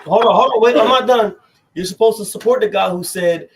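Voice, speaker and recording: A man's voice: high voice, fairly quick. A young man co-hosting a podcast, ranting animatedly through heated political banter and cutting in with "hold on". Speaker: podcast co-host.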